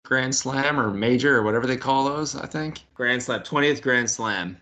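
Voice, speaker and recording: Bright-voiced casual podcast host, a man. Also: mid-range voice, moderate pace. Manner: loose, swearing, laughs often, many "like"s. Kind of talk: casual chat.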